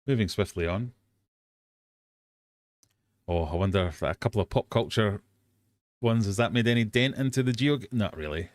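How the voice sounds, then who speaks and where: A man's voice: on the low side, lively intonation, moderate pace, long pauses, no echo, studio quality. An English man hosting a live quiz stream, chatty and self-mocking, often drifting off on tangents. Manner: chatty, self-mocking, easily sidetracked, bursts into silly sung bits. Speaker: host of a live quiz hangout.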